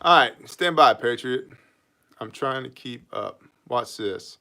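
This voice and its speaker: A man hosts a casual live stream, greeting viewers and joking as he reads out comments. His pitch leaps around in lively swings. His tone is bright and forceful. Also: slow pace, creaky. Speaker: livestream host reading viewer comments.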